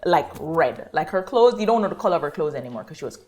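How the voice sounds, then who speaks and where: A woman's voice: deep voice, fast talker. A young woman, a guest on an interview show, telling a personal story and acting out what people said. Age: young adult. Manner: animated storytelling, acts out quoted speech.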